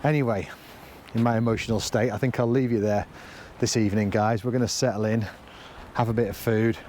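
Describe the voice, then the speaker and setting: A man's voice: lowish voice, fairly even intonation, fairly quick, a little mellow. A middle-aged man vlogging casually to camera, earnest and a little emotional, rambling as he talks. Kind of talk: casual vlog talk to camera. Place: outdoors by the sea, then in a camper van. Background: faint wind and outdoor ambience.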